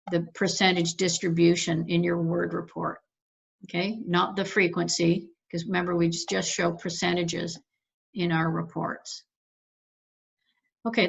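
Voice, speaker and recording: A woman's voice: fairly low pitch, vocal fry. A woman teacher walking students through an assignment step by step, patient and methodical, firm about showing their work. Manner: firm about marking rules. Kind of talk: recorded class lecture with screen share. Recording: muffled lo-fi audio.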